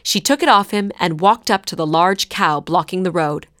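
A woman narrating a scripted story in a clear, measured way. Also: lowish voice, fairly bright tone, no room sound, studio quality.

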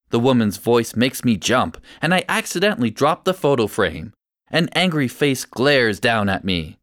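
A man narrating a first-person story in a clear, measured storytelling manner. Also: mid-range voice, big pitch swings, a bit bright, no room sound, studio quality.

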